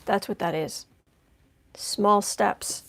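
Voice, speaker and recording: A woman's voice: mid-range voice, slow, fairly bright tone. A woman giving a chatty live-stream tarot reading, making wry asides as she lays out cards. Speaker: tarot reader.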